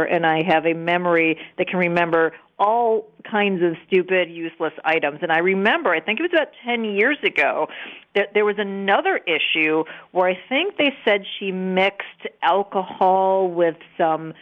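Female radio guest, chatty and wry, dull remote-line audio. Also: fairly low pitch. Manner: chatty, self-deprecating, quick to laugh. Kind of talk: radio interview commentary.

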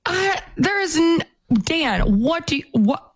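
A woman co-hosting a casual morning radio show, incredulous and skeptical. Her voice is high and very animated in pitch. She speaks at a slow, deliberate pace. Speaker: radio co-host. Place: radio studio.

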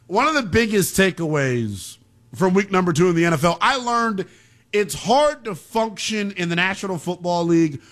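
Brash, animated sports radio host man. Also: high voice, moderate pace. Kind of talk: late-night call-in sports talk. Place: radio studio.

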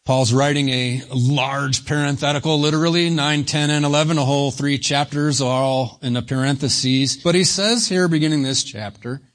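A man preaching an expository sermon, speaking deliberately and stretching key words for emphasis. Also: medium pitch, steady tone. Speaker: pastor.

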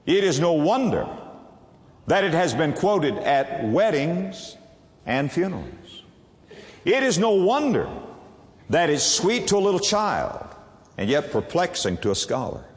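A male preacher giving a sermon, reading scripture solemnly and stressing single words with dramatic pauses. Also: a little high, big pitch swings. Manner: reads scripture slowly and solemnly. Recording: long hall reverb.

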